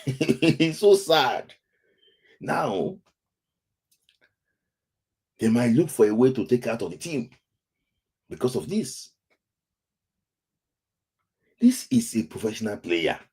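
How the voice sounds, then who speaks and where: Husky Nigerian man, lively pitch. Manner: lamenting, repeats phrases over and over. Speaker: football talk show host. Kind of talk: casual live-stream commentary.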